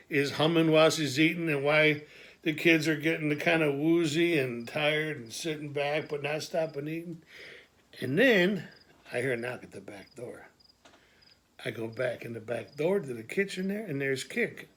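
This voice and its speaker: A man performing an improvised comic monologue as a swearing, streetwise family man, telling his story with quick asides. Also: on the high side, fairly bright tone. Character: Pork Chop, a gruff middle-aged family man. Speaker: comedian doing an improvised monologue.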